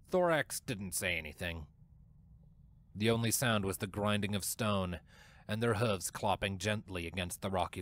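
Lowish male storyteller over soft music. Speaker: fanfiction reader. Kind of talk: audiobook-style story narration. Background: faint music.

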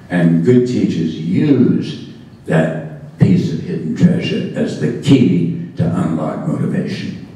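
A man's voice: low-pitched, mellow. A man giving a talk about education to an audience, telling stories in a wry, amused way, recorded from a distance in an echoey hall. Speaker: education speaker.

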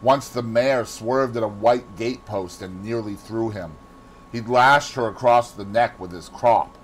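A man with a Boston accent reading a classic novel aloud in expressive scripted narration. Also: on the low side, unhurried, slight background noise, low-quality recording. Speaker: audiobook reader.

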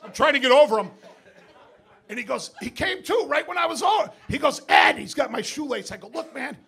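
High, bright-voiced stand-up comic man. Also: expressive, brisk, gravelly. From Binghamton, New York. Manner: swearing, laughing through the punchlines. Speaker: stand-up comedian. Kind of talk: stand-up storytelling. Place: comedy club stage with audience.

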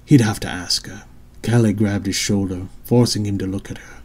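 A man narrating his own audiobook in a measured, descriptive storytelling manner. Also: lowish voice, fairly even intonation, a little mellow, husky. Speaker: author and narrator.

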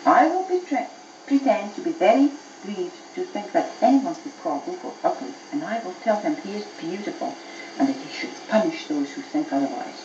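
A woman's voice: fairly low pitch, animated, moderate pace, roomy sound, muffled recording, background noise, lightly acted. A woman voicing a scheming little male goblin who is a sly telltale, fussy and pleading, on an old cassette tape.

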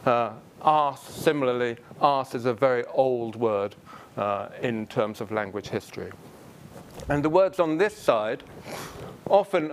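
A man lecturing in a college hall at a middling pitch, chatty and unhurried, with plenty of ums and uhs. A faint low rumble sits under his voice. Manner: relaxed, many ums and uhs. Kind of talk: public lecture on word history.

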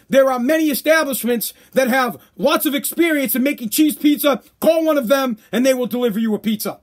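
Man in his 30s, podcast host, high-pitched, worn-out voice, profane sarcastic rant. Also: a little fast, hardly any pauses. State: tired, voice worn out. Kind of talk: casual profane monologue.

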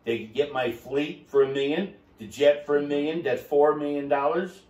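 A man's voice: fairly high pitch, moderate pace, a little mellow. Boisterous rambling man, echoey and distant. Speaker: podcast guest telling his story. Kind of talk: casual chat.

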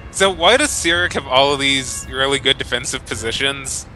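A man's voice: mid-range voice, moderate pace, bright, forceful tone, slight background noise, rough recording. A man co-playing a video game, giving casual commentary and teasing the others. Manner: teasing, jokey. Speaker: co-player.

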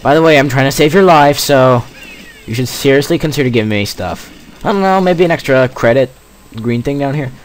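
A man's voice: medium pitch, fairly quick, a little hiss or hum. A teenage boy doing gameplay commentary, rambling and jokey with self-mocking asides. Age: teens. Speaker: let's play gamer.

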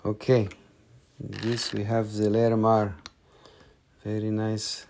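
A man's voice: on the low side, monotone, takes it slowly, gravelly, darkish tone, slight background noise. A man with a Russian accent hosting a live crystal sales stream, playful and in broken English. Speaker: online crystal seller.

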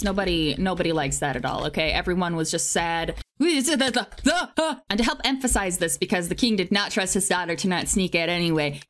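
A woman's voice: medium pitch, a bit bright, a little hiss or hum. Chatty woman rambling through a legend. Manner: rambling and chatty, full of filler words, breaks off to react to the game. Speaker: gaming video creator. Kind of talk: casual storytelling while playing a game.

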